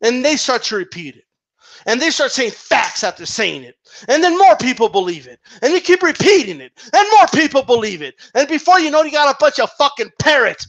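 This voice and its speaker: High, bright-voiced man ranting. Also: very animated, fairly quick. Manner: heated, profane, repeats himself for emphasis. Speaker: boxing commentator. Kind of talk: casual ranting monologue.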